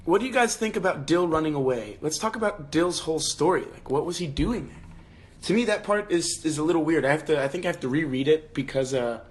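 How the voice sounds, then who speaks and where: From his phone, a young man hosts a casual livestream book club, thinking aloud with lots of restarts and fillers and getting louder when he quotes lines. His voice is on the high side and his pace brisk.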